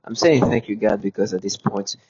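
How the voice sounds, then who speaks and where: A man's voice: lowish voice, a little fast, a little mellow. A man giving an agitated, repetitive monologue as a vlogger, his voice often climbing as he gets worked up. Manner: agitated, repetitive, voice rising when upset. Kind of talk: casual monologue to camera. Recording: dull lo-fi audio with faint noise.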